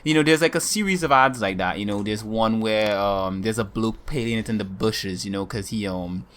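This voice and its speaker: Man, lowish voice, casual podcast chat, rambling, halting, filler-heavy. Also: fairly bright tone. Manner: rambling, halting, full of ums and restarts. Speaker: podcast co-host.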